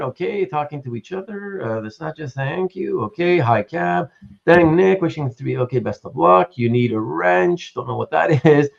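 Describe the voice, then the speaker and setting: A man hosting a live online sale, his voice sitting a bit high. He rambles cheerfully, reads out viewers' names and jokes with his guest. The stream audio is slightly dull and lo-fi. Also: vocal fry, a bit bright. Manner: chatty, laughs often, reads chat aloud. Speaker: livestream host. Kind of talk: casual live-stream chat.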